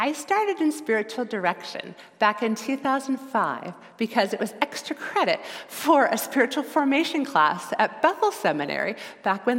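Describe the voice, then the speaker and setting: A middle-aged woman giving a sermon as a lay preacher, earnest and reflective, slowing down for quoted scripture. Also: mid-range voice, a bit bright, in a large hall.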